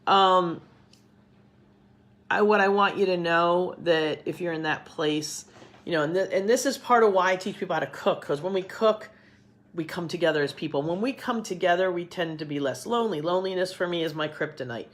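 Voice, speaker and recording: A woman's voice: lowish voice, moderate pace. Chatty middle-aged woman talking to camera. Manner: chatty, rambling, upbeat. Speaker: cooking teacher. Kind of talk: casual talk to camera.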